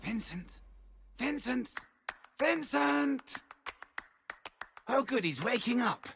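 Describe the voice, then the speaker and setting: A sinister doctor. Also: male voice, very high voice, takes it slowly, creaky, over loud music, exaggerated voice. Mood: coaxing menace. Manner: calm, condescending, coaxing. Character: sinister smooth-talking male doctor running experiments. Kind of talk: sung and spoken song performance. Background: hip hop beat.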